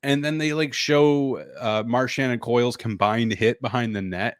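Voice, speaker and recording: A man's voice: medium pitch, fairly even intonation, normal speed, clear, resonant tone, dry recording, studio quality. A man co-hosting a casual sports podcast, ranting with incredulous, mocking quoted voices. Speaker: podcast co-host.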